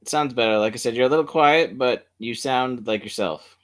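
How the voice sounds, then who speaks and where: A man's voice: mid-range voice, fairly quick, fairly bright tone. A man co-hosting a livestream, talking casually and cracking jokes. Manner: joking, talkative. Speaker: co-host.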